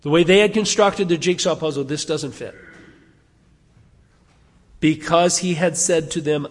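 Preacher, man, lively sermon delivery with questions to the room; slightly high voice, reverberant church hall. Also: a little slow, pauses often. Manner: animated, rhetorical questions to the congregation. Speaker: pastor.

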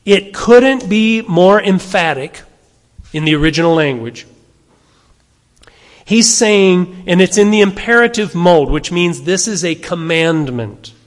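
A man preaching a sermon, emphatic, shifting between strong stresses and quiet asides. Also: high-pitched, a little slow, long reverb tail. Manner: emphatic, varies loudness, drops to quiet asides. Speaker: pastor.

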